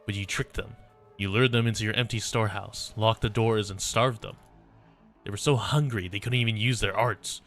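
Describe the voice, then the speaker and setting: A man voicing a stern young infected woman who accuses villagers in a measured, cold way, read aloud from a game story. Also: fairly low pitch, fairly even intonation, a bit bright, soft background music. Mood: accusing.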